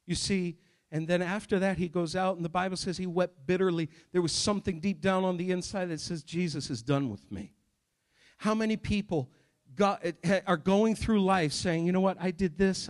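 A man preaching a sermon as a pastor, dropping to hushed low emphasis and rising to loud exhortation, with folksy asides to the congregation.

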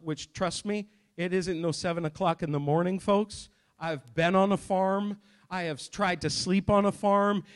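High-voiced man preaching with big swings. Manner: swings from hushed low emphasis to loud raised exhortation; folksy asides to the congregation. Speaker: pastor. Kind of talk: sermon.

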